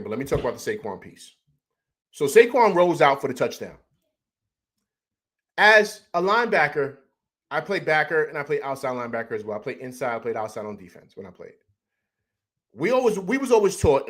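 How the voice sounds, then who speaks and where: A man hosting a postgame football show rants about the game in a heated, rambling way, tripping over repeated words. His voice sits a bit high for a man and swings up and down a lot as he talks. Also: very animated, brisk, a bit bright, slightly rough. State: upset after a loss. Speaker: sports show host. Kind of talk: emotional postgame sports rant.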